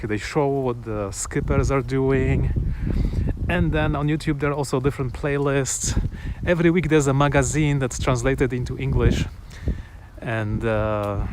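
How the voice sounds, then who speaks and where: Slow-talking man chatting outdoors. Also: medium pitch, background noise. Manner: rambling and enthusiastic, with restarts and chuckles. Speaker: vlogger. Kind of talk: casual chat to camera. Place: outdoors on a sunny afternoon.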